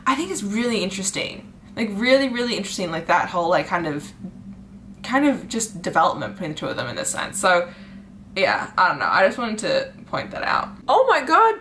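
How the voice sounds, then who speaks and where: A young woman vlogging about books she is reading, chatting casually and gushing, with "like" in nearly every phrase, swinging from hushed to excited. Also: on the low side, fairly quick, slight background noise. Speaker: book vlogger. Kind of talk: casual chat.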